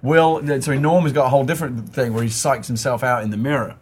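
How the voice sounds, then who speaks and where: A sleep-deprived man hosting a casual chat, reflective and animated, laughing often. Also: medium pitch, fast talker, slight background noise. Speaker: host.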